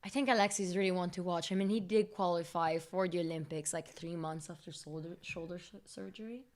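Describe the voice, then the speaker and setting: Woman w a lowish voice, excitable and playful, live watch-along chat. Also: a little fast. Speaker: co-host of a livestream.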